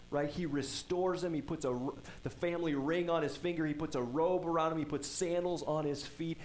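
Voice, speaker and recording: A man's voice: on the high side, slight background noise, rough recording. Conversational storytelling male preacher. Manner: conversational storytelling, frequent tag questions. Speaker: pastor. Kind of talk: sermon.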